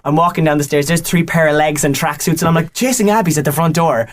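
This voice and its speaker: Irish man, young, radio presenter, quick eager chat, fairly high voice. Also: a little hiss or hum. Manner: chatty storyteller, fast and eager. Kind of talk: casual podcast chat. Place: radio studio.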